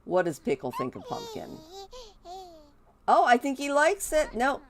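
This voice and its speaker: A woman talking through her game in a chatty, playful way, gushing over the little ones. Her pitch moves around a lot, and she speaks at an unhurried pace. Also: huge pitch swings, crowd noise. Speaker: gameplay commentator. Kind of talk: casual game commentary.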